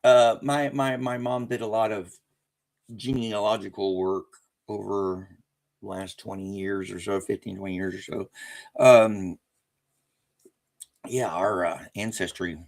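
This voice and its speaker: A man's voice: fairly low pitch, fairly even intonation, measured pace, creaky, long pauses, darkish tone. A man with a Southern accent hosting a casual livestream, rambling and chuckling as he corrects himself mid-sentence. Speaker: livestream host. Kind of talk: casual live chat.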